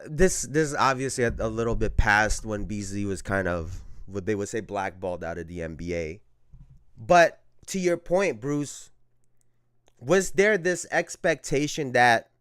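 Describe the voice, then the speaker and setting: A man's voice: mid-range voice, animated, a little slow, fairly bright tone, clean tone, no echo, studio quality. A man hosting a casual basketball talk show, talking in a slangy, conversational way and often repeating phrases. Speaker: podcast host.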